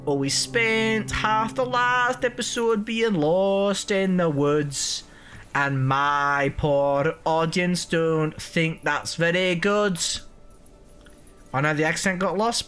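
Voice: medium pitch, animated, a little slow, a bit bright, soft background music. A host swearing and joking while commenting on a video game and talking to the game character. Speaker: let's play host. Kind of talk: gameplay commentary.

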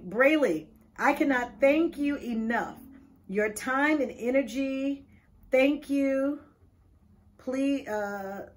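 A woman hosting a casual video, opening gifts with playful, exuberant chatter. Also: a little high. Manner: exuberant, playful, quick to laugh. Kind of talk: casual chat.

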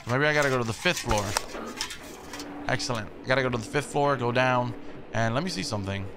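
A man's voice: medium pitch, fast, background noise. A man hosting a horror game playthrough, chatting casually, jumpy, swearing and talking back to the characters. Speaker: gaming video host.

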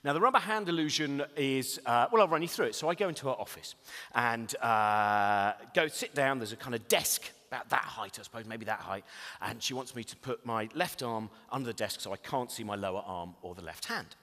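A man's voice: medium pitch, fairly quick. A man giving a comic lecture in a large hall, rambling and interrupting himself. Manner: rambling, self-interrupting, animated. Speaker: comedian giving a talk. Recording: reverberant hall.

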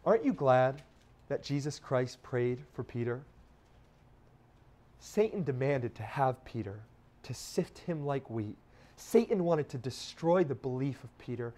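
A man delivers a sermon in a slightly high voice. He swings between hushed, low passages and loud, ringing scripture readings. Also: animated, a little slow. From Texas. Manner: preaching with wide swings between soft and loud, quoting scripture. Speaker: pastor.

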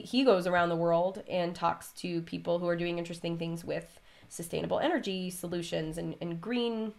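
Woman, lowish voice, chatty vlog host, casual rambling talk while stitching.

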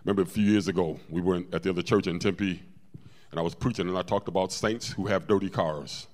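A man preaching a lively sermon to his congregation, telling stories and calling out to the room. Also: deep voice, quick pace. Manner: animated preaching, storytelling with call-outs to the congregation. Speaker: pastor.

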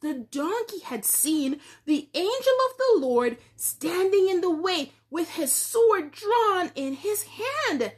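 Woman, children's Bible teacher, high voice, slow storytelling, asks kids questions. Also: sing-song.

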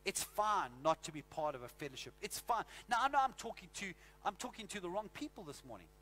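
A man's voice: sits high, quick pace. A South African man preaching a sermon in church, telling stories and acting out scenes. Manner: animated storytelling, acts out scenes. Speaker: pastor.

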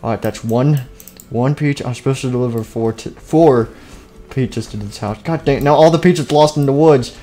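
A man's voice: medium pitch, fairly quick, dark tone, lightly acted. A man doing a grumpy, muttering animatronic. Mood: grumbling. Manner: grumbling, self-pitying, muttering. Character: grumpy male animatronic pizza deliverer.

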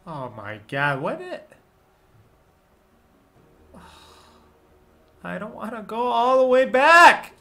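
Gravelly, animated man swearing at a game. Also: very high-pitched, slow, pauses often, slight background noise. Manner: frustrated, swearing and muttering at the game. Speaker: gaming channel host. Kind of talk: gameplay commentary.

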